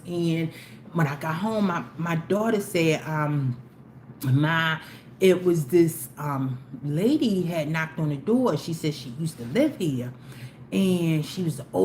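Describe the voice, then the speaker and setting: A woman with a low, slightly mellow voice hosts a YouTube live stream, telling her viewers a long story in a chatty, rambling way with many restarts. The audio sounds roomy, with faint background noise.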